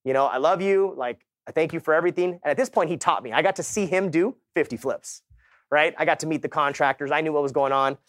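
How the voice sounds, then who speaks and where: A man's voice: on the high side, fast, fairly bright tone, dry recording, studio quality. A middle-aged man giving a motivational conference talk, telling his story casually with quoted dialogue and asides to the audience. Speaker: keynote speaker. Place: conference stage.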